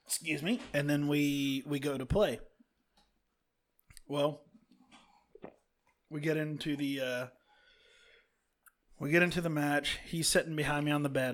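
Hiccuping young dad telling a story. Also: male voice, medium pitch. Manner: halting, restarts often, apologizes. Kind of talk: casual storytelling.

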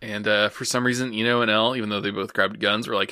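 Man, podcast co-host, amused casual recap, bright tense tone, dry close sound. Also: lowish voice, steady tone, fast talker, smooth, no room sound. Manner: laughs often, amused, swears casually. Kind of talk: casual chat recapping an anime episode.

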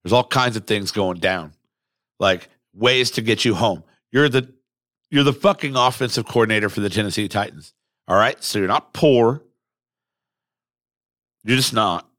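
A man hosting a sports podcast, talking casually in a rambling, excitable way with some swearing, recorded at a microphone. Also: fairly low pitch, moderate pace, pauses often, no room sound, studio quality. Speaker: podcast host. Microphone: studio microphone.

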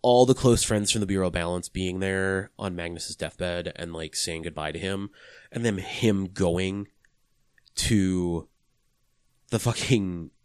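A man's voice: low voice, unhurried, clear, resonant tone, no room sound, studio quality. A young man co-hosting a casual podcast chat, rambling with lots of "like" and swearing freely. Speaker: podcast co-host.

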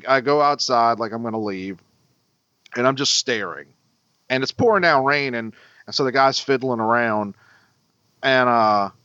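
A man co-hosting a podcast, telling a story in a casual, animated, profane way. His voice jumps high when he quotes himself. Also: dry recording, highs cut off. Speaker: podcast co-host.

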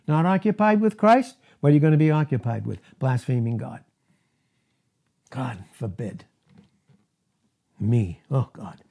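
Husky-voiced preacher, emphatic sermon. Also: male voice, measured pace, pauses often. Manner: emphatic, rising to high animated bursts.

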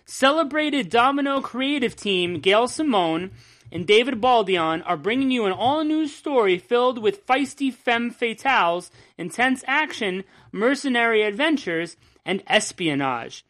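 A man's voice: very high-pitched, expressive, a little slow, fairly bright tone. Profane, rambling young man on a podcast. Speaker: podcast co-host. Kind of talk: casual comics news chat.

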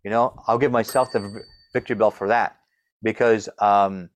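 A middle-aged man who stutters, sometimes repeating the first sounds of words, speaks as a guest coach in a conversational interview and explains things with quick demonstrations. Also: on the low side, steady tone.

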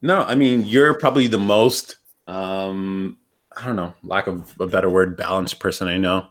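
A man's voice: deep voice, steady tone, moderate pace. A man hosting a podcast, telling stories in a loose, rambling, profane way with lots of fillers. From upstate New York. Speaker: podcast host. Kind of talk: casual chat.

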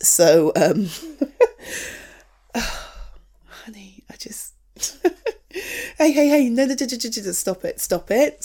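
A woman's voice: fairly low pitch, dark tone. A young woman playing an affectionate girlfriend in a scripted audio role-play, laughing often, swearing freely and teasing her partner before turning tender. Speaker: girlfriend coming home.

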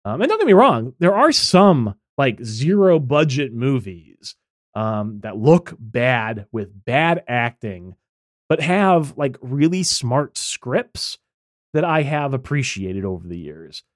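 A man's voice: mid-range voice, big pitch swings, slow pace, dry recording, clean studio sound. A man co-hosting a podcast in casual chat, opinionated and blunt, with lots of "like" and "um" fillers. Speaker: podcast co-host.

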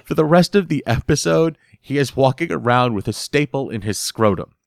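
A man talks through a sitcom episode he loves, giggling as he tells it and often stumbling over repeated words. His voice sits at an ordinary middle pitch. The recording is dry and close, with no room sound around him. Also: normal speed, creaky, dry recording. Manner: animated storytelling, giggles often, repeats words while he searches for them. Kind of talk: casual episode recap.

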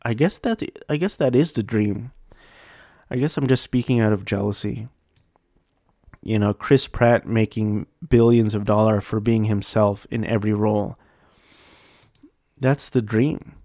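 A man's voice: fairly low pitch, unhurried, long pauses, mellow, no room sound, clean studio sound. A married man hosting a casual solo podcast, rambling through jokes and self-mocking asides. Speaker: podcast host.

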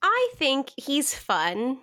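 A woman's voice: high voice, huge pitch swings, extremely slow, bright, forceful tone, dry recording, studio quality. A woman co-hosting a podcast, chatting casually and giggling often as she talks through a story. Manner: giggly, chatty, frequent laughter. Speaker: podcast co-host. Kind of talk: casual chat about a story.

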